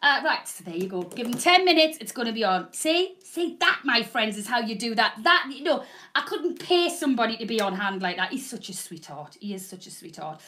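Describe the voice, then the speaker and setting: Loud, bubbly woman presenter. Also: fairly high pitch, animated, a little fast. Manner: loud, bubbly, greets viewers by name. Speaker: shopping channel presenter. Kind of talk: live selling stream, chatty. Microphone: proper microphone.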